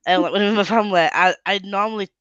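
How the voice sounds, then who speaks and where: A woman's voice: mid-range voice, steady tone, racing, fairly bright tone, clear, resonant tone, dry recording, dull audio. A woman from northern England with a Yorkshire accent, chatting casually on a video call, laughing often and swearing freely. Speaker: reading sprint co-host. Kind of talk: casual group video chat.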